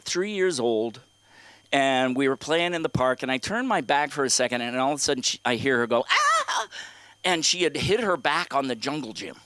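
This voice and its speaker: A man's voice: on the high side, pushed and bright, no echo. A middle-aged man doing open-mic stand-up on a comedy club stage, rambling, profane and talking straight to the crowd.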